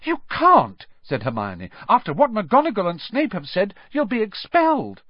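Man putting on a worried clever schoolgirl, high and fretful, storybook voice. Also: wildly swooping pitch, moderate pace, dry recording, lo-fi sound, heavily acted. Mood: alarmed. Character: anxious clever schoolgirl, fussy and earnest.

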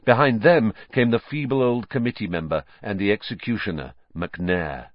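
A man narrating an audiobook in an expressive storytelling manner. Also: fairly low pitch, normal speed, dry recording, muffled recording. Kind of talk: scripted narration.

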